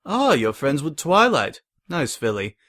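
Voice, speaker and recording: A man voicing a calm, smug male pony agent who schemes. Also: on the high side, a little slow, pitched above the performer's own voice, full character voice.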